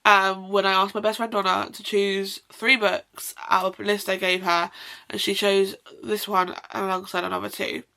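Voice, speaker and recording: A young woman reviews her reading at home in a loose, chatty ramble, gushing over favourites and stopping to say sorry. Her tone is bright and sharp, with a gravelly fry at the ends of phrases. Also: mid-range voice, flat delivery, normal speed. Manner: rambling, effusive, self-interrupting with apologies. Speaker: book vlogger. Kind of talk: casual chatty book review.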